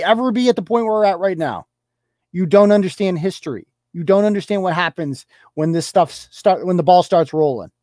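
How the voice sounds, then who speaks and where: A man's voice: high voice, darkish tone, no echo, studio quality. A man hosting a podcast, delivering a profane, sarcastic, heated rant of political commentary. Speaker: podcast host.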